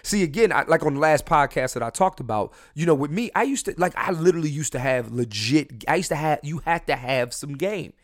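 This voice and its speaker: A young man hosting a solo podcast from his room at home, drunk and high, talking loosely and jokingly, with mumbled asides that break into loud emphatic bursts. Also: lively intonation, fairly quick, few pauses. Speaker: podcast host. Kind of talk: casual solo podcast rant.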